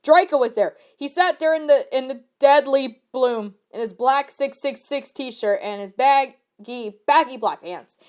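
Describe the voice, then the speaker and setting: High-voiced woman reading fanfiction aloud. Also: a little slow, hardly any pauses, a little mellow. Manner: exasperated, incredulous asides between read passages. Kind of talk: reading aloud with comic commentary.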